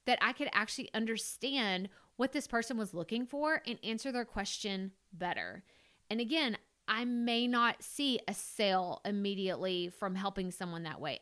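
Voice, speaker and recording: Chatty woman podcast host, smooth voice. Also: medium pitch, a bit bright. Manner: heartfelt, chatty, many fillers, emotional. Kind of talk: casual solo podcast talk.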